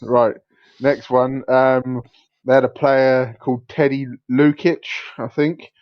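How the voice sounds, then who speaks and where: A man's voice: mid-range voice, level tone, slow, dry recording. Dry, lo-fi podcast man. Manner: builds up jokes, chuckles at his own puns. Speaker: podcast co-host. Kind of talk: casual banter. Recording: dull, dry lo-fi mic.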